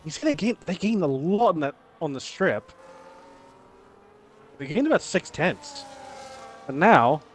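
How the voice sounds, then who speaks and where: A man's voice: fairly high pitch, sing-song, unhurried, long pauses, slight background noise. A man co-commentating a live online racing league in a casual, analytical way and laughing easily.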